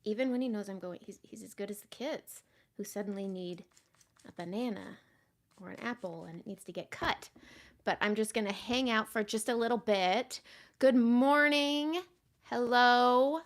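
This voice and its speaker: Woman makeup host, casual live chat, gravelly tone, mutters asides to herself. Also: medium pitch, normal speed. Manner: chatty, greets viewers, drifts into soft muttered asides. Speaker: makeup artist hosting a livestream.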